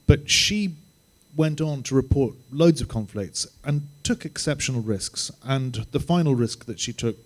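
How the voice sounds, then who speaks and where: Measured man on a panel. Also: medium pitch, a little mellow. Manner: measured, hesitant, with ums. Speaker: journalist and panel moderator. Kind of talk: panel talk.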